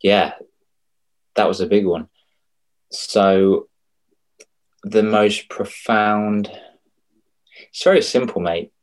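Man, low voice, podcast guest, emotional, animated, restarts sentences. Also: slow, long pauses. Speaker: confidence coach guest. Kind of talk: casual podcast interview.

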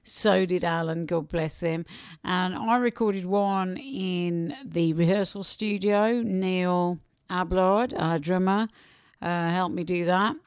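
Cheeky woman with a Black Country accent and a gravelly edge. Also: lowish voice, steady tone, slow pace, dry recording, clean studio sound. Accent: Black Country English. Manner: chatty, cheeky, self-deprecating. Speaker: musician guest. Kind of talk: casual radio interview.

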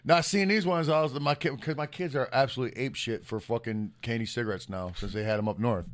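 A man's voice: medium pitch, fast talker, a little hiss or hum. A man co-hosting a podcast, chatting casually, rambling, laughing often and swearing a lot. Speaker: podcast co-host. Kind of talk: casual profane chat.

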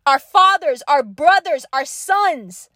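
Angry high-voiced woman ranting. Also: animated, slow pace, sharp tone, no echo, clean studio sound. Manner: angry, emphatic, profane, repetitive. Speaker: podcast host. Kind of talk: impassioned monologue.

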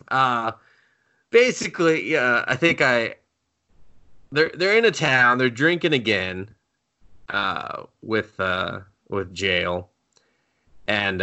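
Male podcast co-host, bright voice, lively swooping delivery, rambling casual chat with frequent laughs. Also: on the low side. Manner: rambling, laughing often, acting out voices in retellings.

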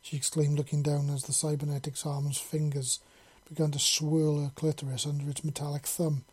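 A narrator reads fan fiction aloud in a husky, mellow voice. The reading is unpolished, with frequent slips and corrections along the way. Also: medium pitch, flat delivery, normal speed.

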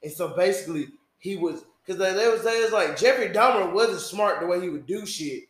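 A man's voice: high-pitched, lively intonation, brisk, a bit bright. A man co-hosting a casual podcast chat, rambling with lots of filler words. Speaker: podcast co-host. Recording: echoey room.

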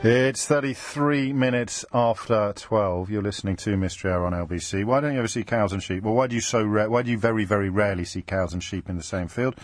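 A man hosting a radio phone-in, bantering quickly with callers and often cutting himself off mid-phrase. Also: lowish voice, no echo, soft background music. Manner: quick, teasing, self-interrupting. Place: radio studio. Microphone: studio microphone.

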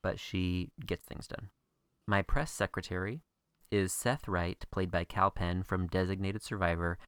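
In clean, dry studio sound, a podcast co-host with a low, resonant, slightly bright voice recaps a TV episode. He keeps a steady tone and measured pace, and his chat is casual and wry.

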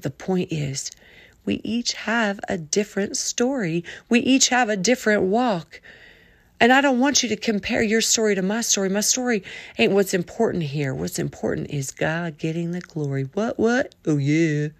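A woman's voice: medium pitch, gravelly, dry recording, clean studio sound. A woman hosting a casual faith podcast, talking in a chatty, colloquial way that jumps between topics. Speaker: podcast host.

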